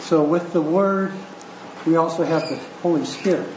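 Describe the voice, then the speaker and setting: A man's voice: on the high side, moderate pace, darkish tone. A man in the audience offers an earnest, explanatory comment during a church talk. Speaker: audience member. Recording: roomy, muffled, noisy audience recording.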